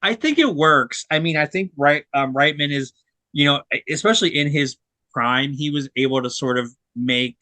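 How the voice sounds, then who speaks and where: A man's voice: medium pitch, pushed and bright, no room sound. A young adult man co-hosting a film review podcast, talking casually and rambling with lots of fillers and restarts. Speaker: co-host reviewing film releases.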